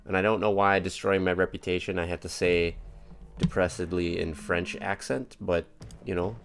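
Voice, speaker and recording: A man with a very low voice chats loosely through a live game stream, wandering off track and cheerfully laughing at his own clumsiness. His talk stays easygoing and upbeat. Faint music plays quietly underneath. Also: fairly even intonation, moderate pace, gravelly. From United States. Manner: rambling, upbeat, self-mocking. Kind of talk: casual live-stream chat.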